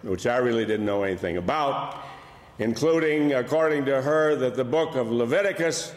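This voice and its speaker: In an echoey church hall with long reverb, an older man from Buffalo, New York tells funny stories in his Buffalo accent. He's a comedian whose wry anecdotes end on dry punchlines, delivered at medium pitch and a moderate pace.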